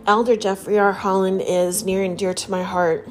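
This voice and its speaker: A woman's voice: mid-range voice, flat delivery. Earnest woman giving a devotional talk. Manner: earnest, measured, reads scripture aloud. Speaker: religious speaker. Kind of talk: devotional talk with scripture reading. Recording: faint music behind the voice.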